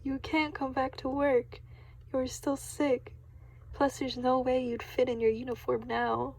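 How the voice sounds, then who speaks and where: A bossy male crab who runs a diner, shouting orders in a storybook, read aloud by a woman. Her voice stays slightly high and soft, with a slow pace. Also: level tone, gravelly, slightly rough, heavily acted, low-quality recording.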